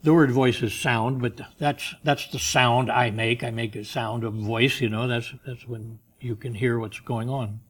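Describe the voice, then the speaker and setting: Man, sermon, pastor, conversational preaching, emphatic reading, quiet asides, mid-range pitch. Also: fairly even intonation, unhurried, few pauses. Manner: reads scripture and commentaries aloud with rising emphasis.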